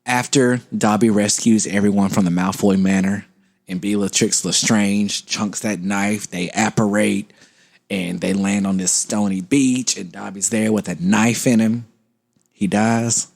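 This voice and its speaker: A man's voice: fairly low pitch, steady tone, measured pace, creaky, a little mellow. A man, co-hosting a comedy podcast, telling stories playfully and laughing often. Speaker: podcast co-host. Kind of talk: casual comedic chat.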